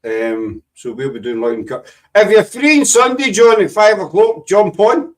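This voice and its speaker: A man's voice: sits high, big pitch swings, normal speed, distant mic. A Scottish man hosting a casual video-call chat, teasing his guests and rambling in a jokey way. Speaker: host.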